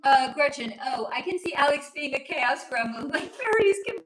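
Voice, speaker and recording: A woman's voice: sits high, lively intonation, normal speed, roomy sound, rough recording. A woman hosting a casual livestream from home, chatting playfully with viewers, teasing them and laughing often. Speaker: livestream host and spiritual reader. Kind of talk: casual livestream chat, answering viewer comments. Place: at home with her child nearby.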